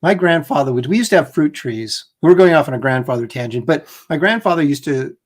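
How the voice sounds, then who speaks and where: A man's voice: fairly high pitch, animated, brisk. A man hosting a casual livestream chat, telling rambling, jokey stories. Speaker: host.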